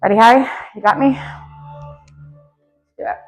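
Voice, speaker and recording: A woman powerlifter chatting out loud between heavy squat sets, out of breath, in her home garage gym. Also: a little high, fairly even intonation, normal speed. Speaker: powerlifting vlogger. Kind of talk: casual mic'd-up training commentary. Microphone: clip-on mic.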